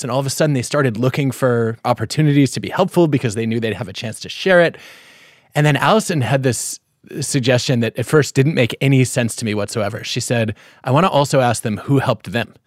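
A man's voice: medium pitch, a little fast, no room sound, clean studio sound. A man hosting a podcast, telling a family story in a reflective way before asking his guest a question. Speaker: podcast host. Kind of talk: podcast conversation.

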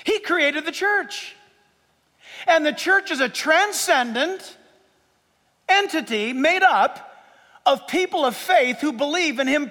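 Male pastor, quite high and forceful, preaching with humor in a reverberant sanctuary. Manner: lively, joking preacher who lists numbered points. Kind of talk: sermon. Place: church sanctuary with a live audience.

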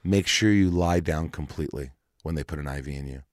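A man telling a dramatic personal story in casual chat, animated and acting out dialogue, swearing freely. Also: very deep voice, fairly quick, no echo, studio quality.

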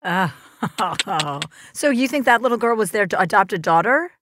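A woman's voice: mid-range voice, expressive, measured pace, background noise. A woman hosting a podcast in a studio, chatting casually and bluntly, swearing freely. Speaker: podcast host. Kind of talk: casual chat.

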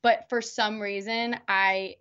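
A young actress chatting as an interview guest, rambling with lots of fillers and restarts. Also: female voice, mid-range voice, little pitch movement, slow pace, sharp tone, smooth, lo-fi sound. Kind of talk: casual interview.

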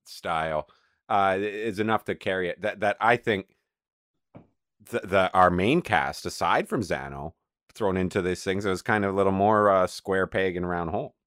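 A man co-hosting a podcast, rambling casually with many halting restarts. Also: low voice, a bit bright, no echo, clean studio sound. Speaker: podcast co-host. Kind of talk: casual chat reviewing a TV episode.

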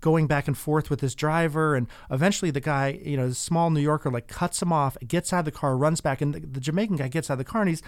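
A man's voice: fairly high pitch, fast, hardly any pauses, clear, resonant tone, no echo, studio quality. A man in casual conversation, earnestly telling stories with frequent restarts. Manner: earnest, storytelling, many restarts.

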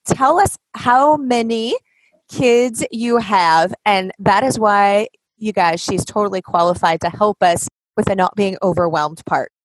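A woman's voice: medium pitch, no room sound. A woman from Washington State hosting a podcast, talking in a chatty, enthusiastic way. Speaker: podcast host. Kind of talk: casual podcast talk.

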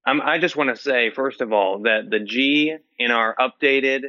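A man chatting as a podcast co-host with a bright, forceful tone, rambling through fillers and deadpan jokes. The sound is dry and a little dull, like a lo-fi mic. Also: mid-range voice, normal speed, dry recording. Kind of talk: casual chat.

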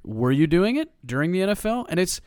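A man with a somewhat high voice co-hosts a casual sports podcast, talking in a chatty, opinionated way. His voice is dry and close to the mic. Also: big pitch swings, a little fast, darkish tone, clean tone, no room sound. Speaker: podcast co-host, draft analyst.

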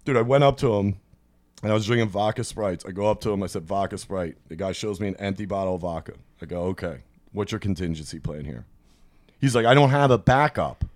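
A man telling crude, animated anecdotes on a podcast and acting out the people in them. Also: lowish voice, fairly quick, no echo. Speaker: podcast host. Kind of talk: casual storytelling chat.

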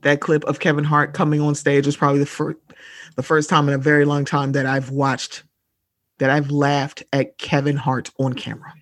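In clean studio sound with no room reverb, a medium-pitched, fairly bright voice speaks at a moderate pace with a completely flat delivery. This podcast co-host chats about pop culture bluntly and sarcastically, swearing plenty and calling listeners "y'all" in asides.

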